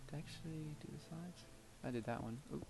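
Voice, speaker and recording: A gameplay video creator talks casually over his own gameplay, wandering from one story to the next. His voice sits on the high side, quick and fry-tinged, with background noise behind it. He rambles and chats, full of fillers and laughter.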